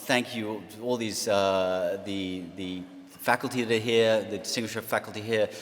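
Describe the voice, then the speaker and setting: English man, 40s, lowish voice, guest speaker, halting and wry, big hall reverb. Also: fairly even intonation, a bit bright. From England. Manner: self-deprecating, halting with many fillers. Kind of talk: speech to an audience.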